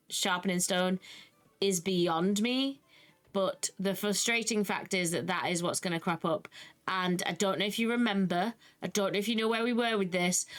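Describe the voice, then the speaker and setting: A young British woman giving casual, animated commentary on a video game she is playing, with exasperated asides. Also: medium pitch. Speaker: gaming YouTuber. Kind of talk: casual let's-play commentary.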